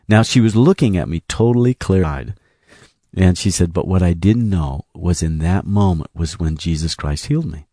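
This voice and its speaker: Animated man telling a sermon story. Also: deep voice, normal speed, no echo, studio quality. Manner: animated storytelling, quoting others in his own voice. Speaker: preacher.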